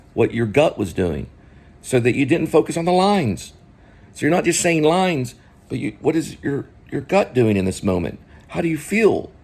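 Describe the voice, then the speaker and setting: A man vlogging about acting technique, rambling and asking the viewer quick questions. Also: mid-range voice, vocal fry, darkish tone, breathy edge. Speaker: vlogger and actor teaching acting. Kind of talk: casual acting talk to camera.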